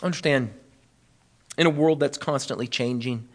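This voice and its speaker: A man preaching an expository sermon, rising loud and high on appeals, then dropping low and soft, slowing on key phrases. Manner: preaching with wide swings in pitch and loudness, slowing on key phrases.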